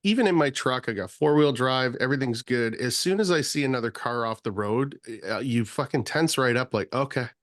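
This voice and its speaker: A man joins a podcast as a guest and talks in lively, joking banter, cursing often. His voice is mid-pitched. It is recorded dry and close to the mic. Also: brisk, hardly any pauses, dry recording. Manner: animated, swearing, laughing banter. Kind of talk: casual chat.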